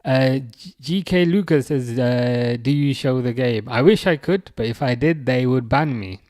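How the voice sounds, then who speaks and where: A young Englishman with a slightly mellow, mid-range voice speaks at a measured pace while hosting a football watch-along livestream. He reads viewer comments and mocks them in a rambling, chatty style, often restarting and using fillers. The recording is dry and studio quality.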